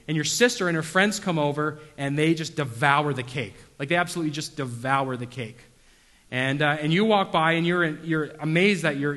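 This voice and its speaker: A man's voice: fairly high pitch, fairly bright tone. A man preaching a sermon, telling stories casually with lots of fillers and self-deprecating humor. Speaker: pastor. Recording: long hall reverb.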